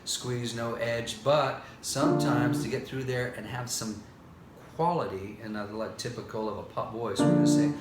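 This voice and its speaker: An older male vocal coach with a tired, medium-pitched voice speaks at a normal pace in a steady tone, explaining technique and then singing scales and sustained vowels to demonstrate. The room sounds spacious, and loud music plays behind him.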